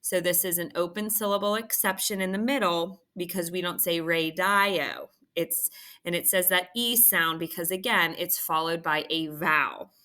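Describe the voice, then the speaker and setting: A woman's voice: lowish voice, moderate pace, sharp tone. A woman teacher patiently walking through a phonics lesson, often checking in with "okay". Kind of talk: recorded phonics lesson walkthrough.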